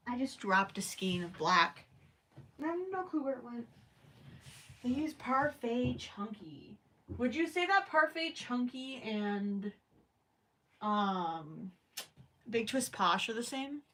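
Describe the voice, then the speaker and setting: A woman's voice: fairly high pitch, a bit bright, slight background noise. A woman hosting a crochet livestream at home, rambling and thinking aloud as she works and chats with viewers. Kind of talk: casual chat while crocheting, reading live chat.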